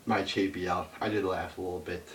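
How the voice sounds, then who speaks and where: A man with a low voice rants through a casual review, swearing freely and sounding exasperated. He sits back from the mic in an echoey room with faint noise behind him. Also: level tone, fairly quick, far from the mic. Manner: profane, exasperated ranting. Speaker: wrestling reviewer.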